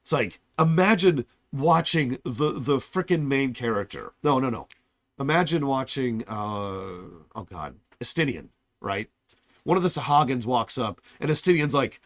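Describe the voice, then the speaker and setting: Sarcastic, animated male game streamer. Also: mid-range voice, measured pace, dry recording, studio quality. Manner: blunt, sarcastic, theatrically animated. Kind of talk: casual stream commentary.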